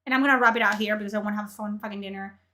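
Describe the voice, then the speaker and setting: A woman streamer ranting in profane, exasperated commentary, her voice strained from yelling. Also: medium pitch, fairly even intonation, racing.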